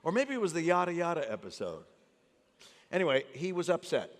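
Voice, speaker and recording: A man's voice: a little high, a little fast. A man telling anecdotes about his acting work on stage before a live audience, acting out the people he quotes. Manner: animated anecdote teller, acts out quotes. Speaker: actor discussing his memoir. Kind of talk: storytelling on stage. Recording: long theater reverb.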